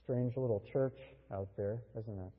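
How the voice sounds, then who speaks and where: Pastor, male, unhurried earnest preacher with pauses; thin phone-like sound and long reverb. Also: lowish voice. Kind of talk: sermon.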